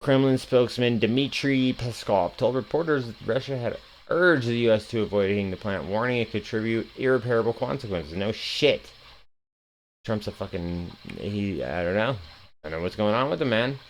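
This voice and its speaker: Low-voiced sarcastic male news commentator. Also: normal speed, slight background noise. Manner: sarcastic, profane, rambling with restarts. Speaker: commentary show host.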